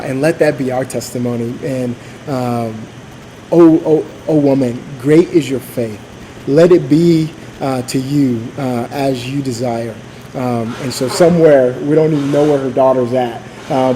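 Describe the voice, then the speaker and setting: A man's voice: mid-range voice, moderate pace, dark tone, a little hiss or hum, rough recording. A man giving an informal sermon at church, speaking casually with many fillers, restarts and asides. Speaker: church leader.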